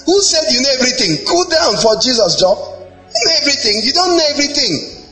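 Animated high-voiced preacher. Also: male voice, fairly quick, faint music behind, low-quality recording. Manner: animated and playful, mimicking voices and laughing. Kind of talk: lively sermon.

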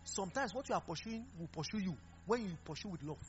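Animated high-voiced preacher, lo-fi. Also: male voice, quick pace. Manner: animated, mixing Pidgin, laughing and exhorting. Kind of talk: sermon. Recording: dull lo-fi recording with faint music.

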